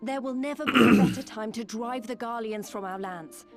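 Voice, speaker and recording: A woman's voice: fairly high pitch, moderate pace, vocal fry. An actress playing an earnest young woman resistance fighter in a game cutscene, speaking with resolve. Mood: resolute. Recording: game audio with faint music.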